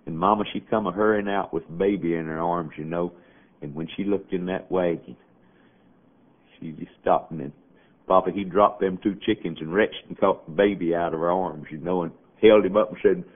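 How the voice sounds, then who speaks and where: A man's voice: deep voice, fairly even intonation, moderate pace. A man with a Southern accent telling a folksy monologue in a rambling drawl, on an old radio recording. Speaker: storyteller. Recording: tinny, band-limited old radio archive.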